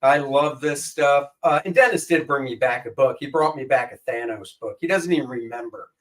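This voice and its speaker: A man's voice: medium pitch, a little fast, a bit bright, far from the mic. A man co-hosting a casual chat, answering with dry, sarcastic retorts. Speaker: co-host.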